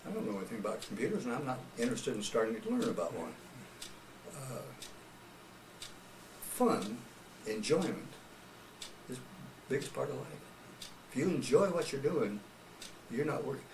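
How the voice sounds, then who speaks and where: A man's voice: mid-range voice, sing-song, normal speed, long pauses. An older man, a retired radio personality, telling folksy stories in an oral history interview. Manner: folksy storyteller, chuckles often. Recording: roomy, distant mic with background noise.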